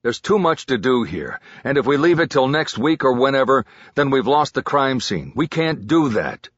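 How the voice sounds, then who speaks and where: A man's voice: medium pitch, sing-song, normal speed, a bit bright, no room sound, lo-fi sound, pitched above the performer's own voice. A man voicing a stubborn veteran detective who speaks curtly and insists on doing his job. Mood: insistent. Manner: curt, obstinate.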